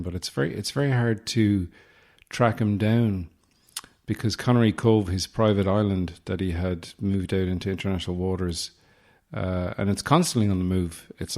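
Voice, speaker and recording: A man hosting his own comedy podcast, rambling through deadpan absurd asides close to the mic. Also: deep voice. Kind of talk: solo comedic podcast monologue. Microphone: close podcast microphone.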